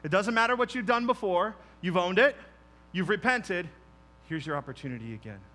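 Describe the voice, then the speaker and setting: A gentle male God, soft and encouraging, as a preacher puts him on. The voice is bright and fairly high. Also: expressive, brisk, in a large hall. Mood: reassuring.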